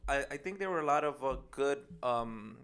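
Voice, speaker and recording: A man's voice: medium pitch, lively intonation, moderate pace, a bit bright. A man chatting casually in a laid-back way, mixing in Spanish phrases. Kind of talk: casual chat.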